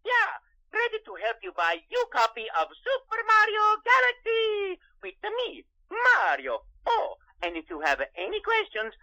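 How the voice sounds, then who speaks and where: A man's voice: pushed and bright, dull audio, exaggerated voice. A man voicing a cheery, bouncy Italian plumber in a recorded phone ad, with a put-on Italian accent and big whooping exclamations. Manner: exclaims catchphrases with big pitch leaps. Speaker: voice actor in a phone ad.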